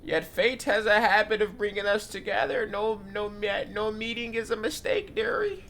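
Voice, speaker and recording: A man voicing a chatty, folksy old grandmother visitor in a high quavering voice. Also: lively intonation, gravelly, fairly bright tone, slight background noise, full character voice. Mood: sweet. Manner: high quavering granny voice, slow drawn-out words.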